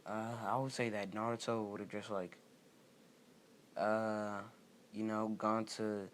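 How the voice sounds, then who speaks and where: A young man with a lowish voice rambles through an unscripted story, leaning on fillers and correcting himself as he goes. Faint noise sits under his voice. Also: level tone, slow. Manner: rambling, full of "like" and "uh", restarts mid-sentence. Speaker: fan storyteller.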